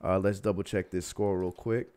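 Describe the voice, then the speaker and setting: Young male stream host, lower voice, fired-up rants that swing between loud and muttered asides, casual sports-talk delivery. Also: moderate pace, clean tone. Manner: animated, exasperated, laughs often. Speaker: podcast host.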